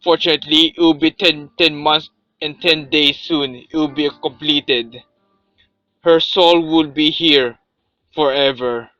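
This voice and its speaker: A man voicing a calm, grave male servant who speaks in low, measured tones. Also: dry recording, highs cut off, faint music behind. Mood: solemn.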